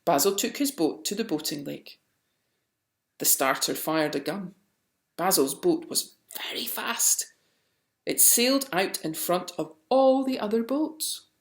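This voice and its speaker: A woman reading a picture book aloud, slowly and expressively. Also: fairly low pitch. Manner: slow and expressive. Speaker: storyteller. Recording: roomy echo.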